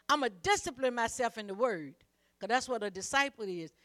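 High bright-voiced woman preaching. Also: lively intonation, fairly quick. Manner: emphatic, repeats phrases, calls on the congregation to respond. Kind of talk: sermon.

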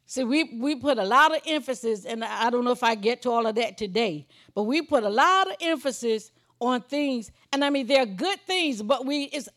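High-voiced woman preaching a sermon. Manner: preaching, building to emphatic raised passages; repeats key lines for emphasis. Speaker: pastor.

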